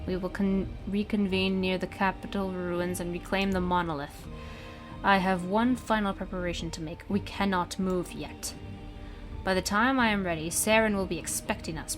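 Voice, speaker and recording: A woman's voice: on the low side, natural voice. A woman reading as a scheming ancient servant of a god. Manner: formal, measured, grand.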